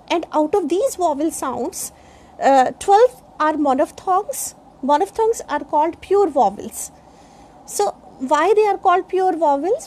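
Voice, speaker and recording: High-pitched woman teacher, talks real slow, spells out words, lots of uh and you know. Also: darkish tone. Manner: slow, explains step by step, spells words letter by letter; frequent fillers like uh and you know. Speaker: English speaking teacher. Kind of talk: classroom lecture on pronunciation.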